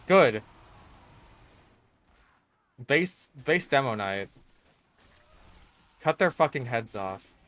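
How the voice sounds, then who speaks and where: A man's voice: mid-range voice, big pitch swings, very slow, pauses often, a bit bright, dry recording. Swearing young man gaming, dry sound. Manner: frustrated outbursts, swearing. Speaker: gaming streamer. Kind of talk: casual gameplay commentary.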